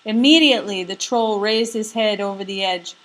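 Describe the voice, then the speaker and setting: A woman narrating a folk tale in an expressive storybook reading. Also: mid-range voice, normal speed, rough recording.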